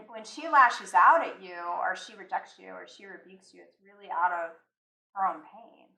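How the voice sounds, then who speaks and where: A woman's voice: medium pitch, fairly bright tone. A middle-aged woman giving a candid, conversational talk to a small live audience and acting out the voices she quotes. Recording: roomy, mic at a distance.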